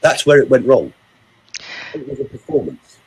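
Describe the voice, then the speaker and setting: A man who works as a vocal coach, telling a story in casual chat, with a lively, animated way of talking. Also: medium pitch, normal speed, breathy edge, low-quality recording.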